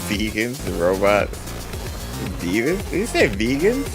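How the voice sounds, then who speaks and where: A man co-streaming a game showcase, reacting in chatty, excitable commentary that swings from flat to shouting. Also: fairly low pitch, unhurried. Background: showcase audio and music.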